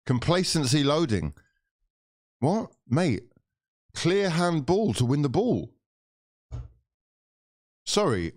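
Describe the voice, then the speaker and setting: Man, young, live match watchalong, swearing, exasperated, pitch leaping all over. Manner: rants at players and referees. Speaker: football watchalong host.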